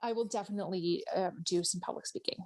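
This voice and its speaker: A woman's voice: mid-range voice, fast talker, darkish tone. Interview guest: woman, Minnesota accent, earnest and chatty, laughs easily, mid-range voice, video call. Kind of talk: casual interview chat.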